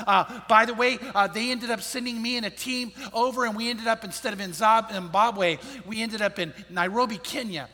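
A middle-aged man, a pastor, tells a personal story with earnest reflection, his high tone and bright, forceful timbre softening at heavy moments. The sound rings out with a long reverb, as in a big hall. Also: fairly quick, few pauses. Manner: earnest, reflective storyteller, voice drops low and soft at sad moments.

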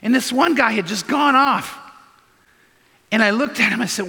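A man's voice: high-pitched, expressive, moderate pace, pauses often, sharp tone, long reverb tail. A male pastor preaching a sermon, emphatic and full of rhetorical questions to the congregation.

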